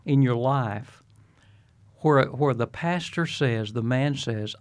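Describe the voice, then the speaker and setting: An older man, a retired pastor, appears as an interview guest and speaks earnestly and preacherly, reflecting in a slow, mid-range voice. He often repeats his opening words before finishing a thought.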